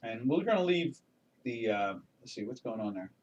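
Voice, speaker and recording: An older man hosts a live trading session, walking through his charts in a loose, folksy ramble full of restarts. His voice sits at a middling pitch and sounds a little distant from the microphone. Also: big pitch swings, normal speed, darkish tone, lo-fi sound, slight background noise. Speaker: trading webinar host. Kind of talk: casual live market commentary.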